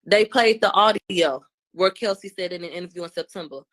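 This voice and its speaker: Woman commentator, casual animated recap, slangy and loose. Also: lowish voice, fairly quick. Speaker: commentator recapping court testimony.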